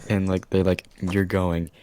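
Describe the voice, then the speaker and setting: Young guy with a super low voice, swearing and laughing through a story, dry close sound. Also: a little mellow, dry recording. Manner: laughs often, swears a lot, jumps into high squeaky voices when quoting himself. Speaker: podcast co-host. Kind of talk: casual storytelling chat.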